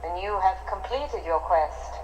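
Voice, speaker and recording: A solemn female armorer, speaking in a low, measured voice with grave authority. A music score sits clearly under her lines. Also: animated, rough recording. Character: stern, solemn female armor-smith elder. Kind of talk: live-action series dialogue.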